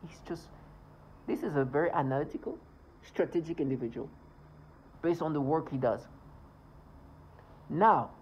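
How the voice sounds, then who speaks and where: A man's voice: fairly high pitch, a little mellow, highs cut off, a little hiss or hum. A man ranting indignantly in a vlog monologue, swearing as he talks. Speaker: vlogger.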